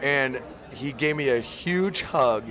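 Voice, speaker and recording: A man's voice: mid-range voice, animated, slow pace, fairly bright tone, some chatter behind. A man, a musician, recalling a first meeting in an enthusiastic, fond way in an interview. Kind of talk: storytelling interview.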